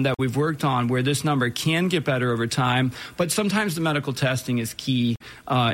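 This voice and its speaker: A man's voice: fairly high pitch, a bit bright. A man hosting a radio health show, explaining medical topics in a conversational way with occasional fillers. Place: radio studio.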